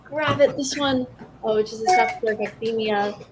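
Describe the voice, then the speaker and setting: A woman author, friendly and easygoing with the odd um, introducing herself on a video call. Clear background noise and clicks run under her voice. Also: a little high, moderate pace. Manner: friendly, with filler ums and uhs. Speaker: author guest.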